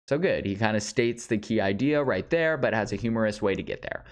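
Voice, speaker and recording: A man's voice: fairly low pitch, animated, fairly quick, hardly any pauses. A man teaching speech writing in a casual, conversational lecture over slides, with frequent fillers. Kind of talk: instructional lecture.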